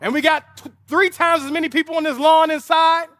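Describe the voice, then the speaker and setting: High, bright-voiced preaching pastor. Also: male voice, fairly even intonation, a little fast, no echo, studio quality. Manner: impassioned preaching with vivid storytelling and emphatic repetition. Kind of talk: sermon. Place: outdoor lawn service.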